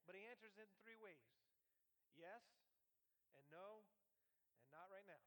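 A man's voice: high-pitched, lively intonation, a little slow, a bit bright, poor audio. A man in his forties preaching a sermon, earnest and conversational, often checking in with "right?" and "amen?". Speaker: pastor.

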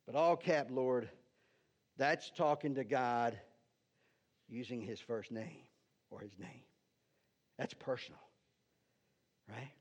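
Speaking slowly in a mid-range voice and pausing often, a male pastor gives a sermon as a conversational lesson. He keeps asking "right?" and chats with the slide operator between points. Sound quality is dull and lo-fi.

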